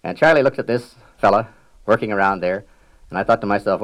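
An older man with a somewhat low voice tells stories from his years as a riverboat captain. He speaks in a measured, unhurried way, with a dry sense of humor. He clears his throat often between his thoughts. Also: rough recording. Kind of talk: reminiscing public talk.

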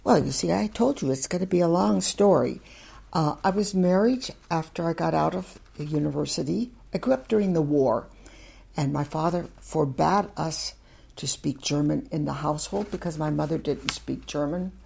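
A woman's voice: deep voice, normal speed, vocal fry, darkish tone, slightly rough. An older woman, a former German teacher, telling long, frank family anecdotes in an oral history interview. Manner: talkative, frank, wandering anecdotes.

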